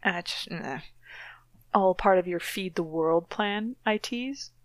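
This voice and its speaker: A woman's voice: medium pitch, slow, no echo. A woman co-hosting a podcast, reading a novel aloud dramatically and breaking off for wry, mocking asides. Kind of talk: dramatic reading with sardonic commentary.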